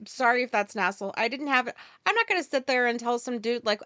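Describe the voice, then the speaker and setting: A woman's voice: on the high side, quick pace, few pauses, a bit bright, dry recording. A woman in her forties hosting a podcast, telling a story in a rambling way, full of fillers and restarts. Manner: rambling, filler-heavy, self-interrupting. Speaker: podcast host. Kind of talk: casual storytelling monologue.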